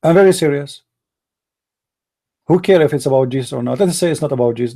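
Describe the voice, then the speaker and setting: Guy running a call-in debate stream, kinda high mellow voice, heated, non-native english, keeps firing questions. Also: quick pace. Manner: heated, pressing rhetorical questions. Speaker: host of a call-in debate show. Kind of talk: live online call-in debate.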